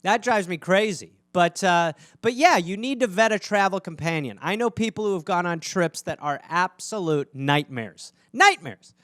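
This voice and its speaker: A man's voice: high voice, normal speed, hardly any pauses, fairly bright tone, dry recording. A man hosting a comedy podcast, rambling through a profane monologue with lots of fillers.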